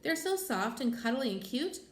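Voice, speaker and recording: Lady doing whiny little girl from a kids book, high and pouty, echoey room. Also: big pitch swings, moderate pace. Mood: gushing. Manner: pouting, whining.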